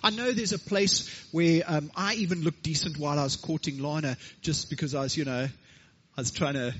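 A man preaching a sermon, an animated storyteller with chatty asides, in a church hall. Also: on the high side, moderate pace, dull audio, a little hiss or hum. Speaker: pastor.

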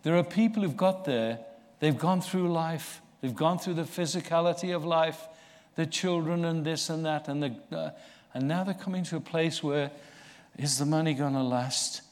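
A man preaching a sermon, slow and earnest, rising in force for emphasis. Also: a little high, darkish tone. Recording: long reverb of a large hall.

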